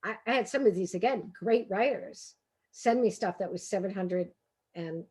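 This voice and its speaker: A woman with a brassy Brooklyn accent hosting a bookstore author conversation, animated and self-deprecating, laughing often. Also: mid-range voice, moderate pace, husky. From Brooklyn, New York. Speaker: host and editor.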